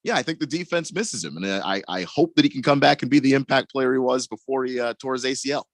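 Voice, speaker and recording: A man's voice: mid-range voice, fast talker, no echo. A man co-hosting a sports radio show, talking casually and analytically about players.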